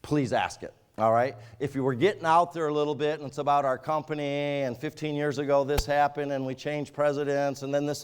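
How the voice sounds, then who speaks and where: A man with a rural Michigan accent leads a training class and talks straight to the room. His delivery is casual and joking, and his voice is smooth and clear, sitting at a middle pitch. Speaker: software trainer.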